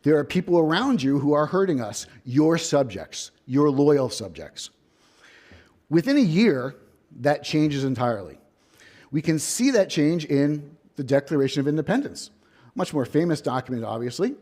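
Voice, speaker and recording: A man's voice: fairly high pitch, lively intonation, normal speed, darkish tone. A man, a visiting professor, giving an academic lecture in a lecture hall, telling history with storytelling emphasis and wry asides.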